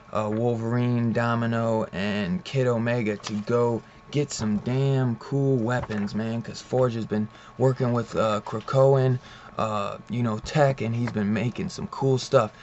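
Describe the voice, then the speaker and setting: A man's voice: mid-range voice, fairly even intonation, a little slow, a little mellow, slight background noise. Swearing laid-back guy ranting about comics. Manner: loose and profane, heavy use of "like", "man" and "dude"; retells scenes in a loose storytelling way. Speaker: comic book reviewer. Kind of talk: casual comic book review rant. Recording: slightly dull, muffled audio.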